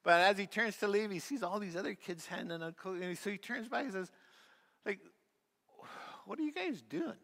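A man preaching a sermon as pastor, telling a story with many fillers and restarts, and dropping to a soft, quiet voice at key points. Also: high-pitched, fairly quick. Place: church sanctuary. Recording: long reverb of a church hall.

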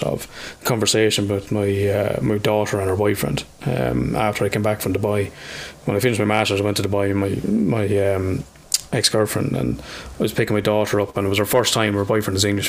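A man's voice: fairly low pitch, vocal fry. A middle-aged Irish man in casual podcast chat, telling anecdotes and swearing freely. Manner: swears freely, animated storytelling.

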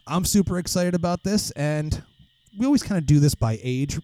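A man's voice: on the high side, expressive, moderate pace, dark tone, no room sound, rough recording. A man hosting a casual horror podcast who talks loosely and jokingly, with frequent swearing and restarts. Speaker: podcast host.

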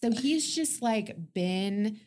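A woman who works as a TV producer, talking in an upbeat, energetic way in casual conversation. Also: medium pitch, slow. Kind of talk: casual chat.

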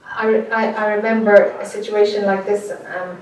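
A woman with an Irish accent, teaching a group, speaking earnestly and growing animated as she tells a story. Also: mid-range voice, moderate pace. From Ireland. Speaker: spiritual teacher. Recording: echoey room, voice from a distance.

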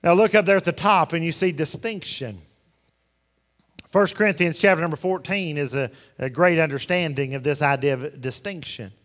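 A man delivers a folksy, emphatic sermon in a fairly high voice. His words ring out with a long reverb through the church sanctuary. He keeps pressing the congregation with rhetorical questions. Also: normal speed, fairly bright tone. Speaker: pastor.

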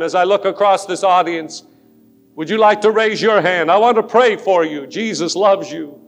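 A pastor making an urgent, pleading altar call during a sermon in a large church sanctuary. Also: male voice, high voice. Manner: pleading and urgent, rising to fervent force. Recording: long hall reverb of a church.

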